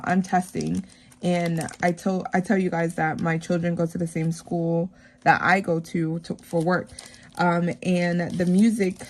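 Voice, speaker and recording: A woman, a teacher, chatting casually and retelling her week with lots of fillers while she counts cash into savings envelopes. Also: on the low side.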